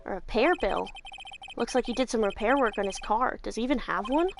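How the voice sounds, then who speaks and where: A woman's voice: on the high side, brisk, over music, pitched below the performer's own voice, close to an everyday voice. A woman voicing a wry young male defense lawyer with a dry, sardonic delivery.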